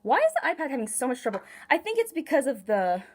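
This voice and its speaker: Chatty, giggly woman with lively pitch. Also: fast talker. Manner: chatty and giggly, talks to viewers directly. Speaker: tarot reader. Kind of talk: casual tarot reading. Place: home room.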